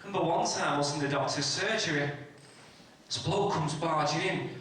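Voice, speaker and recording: Male comic, slightly high voice, stand-up one-liners, distant mic in an echoey hall. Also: moderate pace, fairly bright tone. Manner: telling a string of mother-in-law and family jokes. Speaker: stand-up comedy contestant. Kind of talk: stand-up joke telling. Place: community hall stage.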